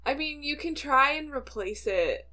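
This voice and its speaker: A young woman from the northern United States, co-hosting a casual chat with a dry, deadpan manner and easy laughs. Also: high-pitched, unhurried. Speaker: podcast co-host.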